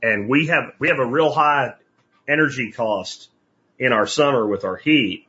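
A man hosting a podcast, chatting casually with rambling, animated asides. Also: mid-range voice, measured pace, breathy edge. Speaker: podcast host. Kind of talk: casual interview chat. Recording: dull lo-fi audio.

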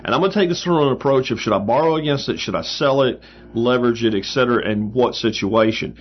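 A man's voice: mid-range voice, fast, slightly rough. A man hosting a show talks casually through listener mail. He uses plenty of fillers and breaks into emphatic asides. The recording is a bit dull and lo-fi. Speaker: podcast host. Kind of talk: casual advice talk answering listener mail.

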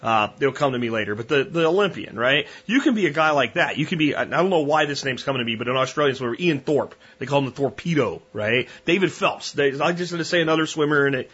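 Man, podcast host, blunt, opinionated, rambling analogies, husky voice, dull lo-fi audio. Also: mid-range voice, expressive, fast, few pauses, a bit bright. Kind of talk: solo podcast monologue.

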